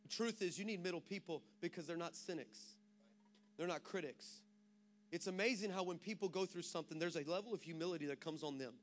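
A man's voice: high-pitched, a little fast, a little hiss or hum. A pastor from Texas preaching a sermon, switching between self-mocking stories and a rising, emphatic preaching cadence.

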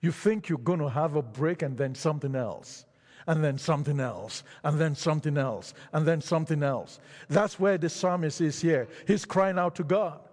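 A man preaching a sermon, swinging between loud pleading and hushed, slow passages. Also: on the high side. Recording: long hall reverb.

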